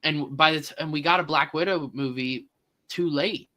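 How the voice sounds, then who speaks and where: A man co-hosting a casual movie podcast, talking through his views in a thoughtful, halting way. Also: on the high side, bright, forceful tone, rough recording. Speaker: podcast co-host.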